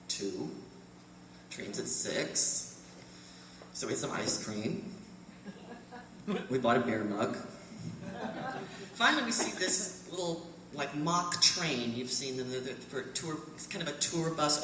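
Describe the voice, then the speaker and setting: A woman in her fifties, an alumni storyteller, tells a funny story live to an audience, animated and quick to laugh, her low voice swinging widely in pitch. She is recorded from far off in an echoey fellowship hall, with a little hiss or hum.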